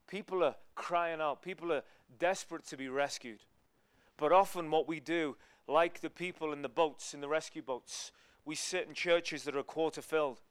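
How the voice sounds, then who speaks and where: A man giving a guest sermon in a chatty storytelling way, moving between loud emphatic lines and quieter asides. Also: a little high, moderate pace, clean tone, no room sound. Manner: conversational, storytelling, swings between loud and hushed. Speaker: guest preacher.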